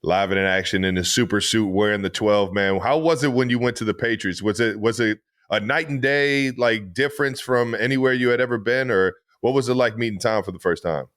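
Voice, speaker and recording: A man's voice: on the low side, fairly even intonation, a little fast, few pauses, fairly bright tone. A man co-hosting a podcast, laid-back and slangy, laughing often. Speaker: podcast co-host. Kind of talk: casual chat.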